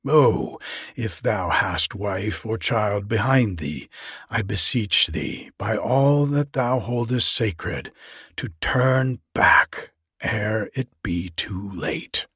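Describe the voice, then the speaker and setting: A man's voice: on the low side, lively intonation, slow pace, fairly bright tone, slightly rough, no room sound, studio quality, full character voice. Man reading as a mournful goblin. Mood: beseeching. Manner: archaic, pleading storybook speech. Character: wailing little grizzled old goblin man. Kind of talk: storybook reading.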